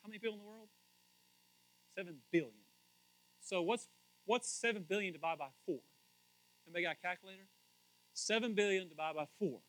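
A man preaching a sermon, animated and asking the congregation direct questions, moving from hushed asides to shouts. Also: high-pitched, a little fast, long pauses. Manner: talks straight to the congregation with questions. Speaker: pastor.

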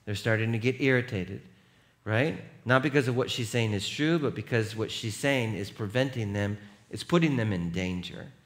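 A man preaching a sermon as pastor, animated and emphatic, and rallying the congregation. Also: fairly low pitch, moderate pace.

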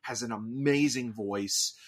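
A man's voice: mid-range voice, a little slow, husky. A man co-hosting a podcast, talking in a casual, enthusiastic, rambling way with lots of fillers. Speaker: podcast co-host. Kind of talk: casual chat.

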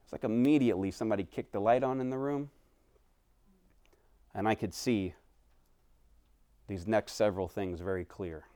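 A man preaching from the pulpit in a low, smooth, resonant voice, talking to his congregation casually and personally. He builds to animated bursts and drops back to near-hushed phrases. The sound is close and dry, with no room echo. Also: normal speed, pauses often. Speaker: pastor. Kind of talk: sermon.

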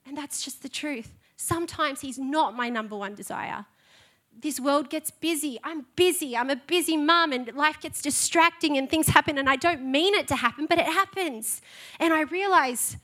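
A woman's voice: high voice, moderate pace, a bit bright. A woman pastor gives an earnest, heartfelt testimony sermon from a church stage.

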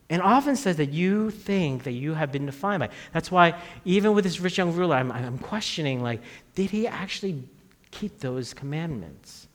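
A fairly high-voiced man in his thirties preaches in an easy, conversational way and sinks low and quiet on the points that matter. His voice carries a long reverb from a church hall. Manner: conversational preaching, dropping low on key phrases. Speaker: pastor. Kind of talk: sermon.

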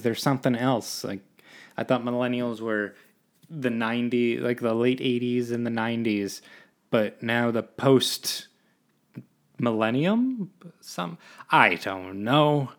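Rambling young podcast host. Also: male voice, mid-range voice. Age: 20s. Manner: rambling, self-deprecating, drifting between topics. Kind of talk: solo podcast monologue.

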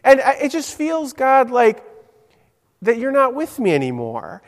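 A man voicing an anguished young man who pleads with God in halting, upset words. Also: extremely high pitch, huge pitch swings, in a large hall, pitched above the performer's own voice, heavily acted. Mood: pleading, upset.

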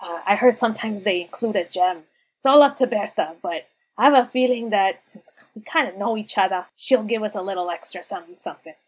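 A woman voicing a cheerful, excitable male dwarf merchant who gushes and shouts with glee. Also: medium pitch, fairly quick, husky, natural voice. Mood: happy.

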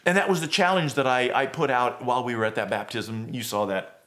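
A man's voice: mid-range voice, a little fast, a bit bright. A man preaching a sermon as a pastor, conversational and earnest, often restarting and questioning himself.

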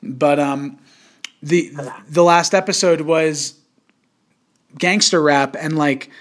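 A young man talks loosely on a casual podcast, his voice sitting a little high for a man. He rambles and restarts, with plenty of fillers and casual swearing. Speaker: podcast host.

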